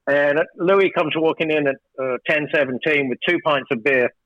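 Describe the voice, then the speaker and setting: A fairly high-voiced man reminisces in a casual interview, full of fillers and false starts. The sound is dry and close, a little dull and muffled. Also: normal speed, no room sound. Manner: rambling, hesitant, many fillers and restarts; grows animated and emphatic telling a story. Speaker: record producer, guest.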